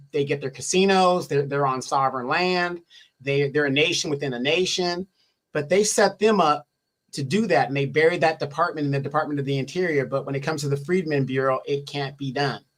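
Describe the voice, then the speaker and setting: A man's voice: on the high side, a bit bright. A man speaking as a guest in a live political discussion, pressing his points with rhetorical questions and frequent restarts.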